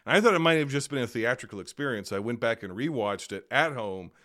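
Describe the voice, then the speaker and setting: Man, podcast guest, mid-pitched voice, eager and emphatic. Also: lively intonation, fast, sharp tone. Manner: enthusiastic, emphatic. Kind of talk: casual film podcast chat.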